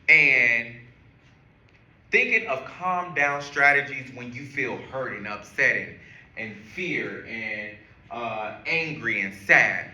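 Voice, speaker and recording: A man teaching a group, walking them through breathing and counting in a slow, guiding way. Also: medium pitch, sharp tone. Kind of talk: classroom lesson on calming strategies. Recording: echoey room.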